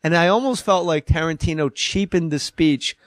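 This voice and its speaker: A man chatting on a podcast, telling animated stories and dropping his voice as he recalls anecdotes. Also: normal speed, no room sound, studio quality. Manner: animated storyteller with sudden pitch drops. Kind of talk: casual podcast chat, storytelling.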